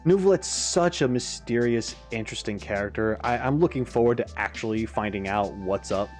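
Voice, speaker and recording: A man hosting a game reaction video, talking in an animated, musing way with frequent asides. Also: fairly low pitch, moderate pace, soft background music. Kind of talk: casual commentary.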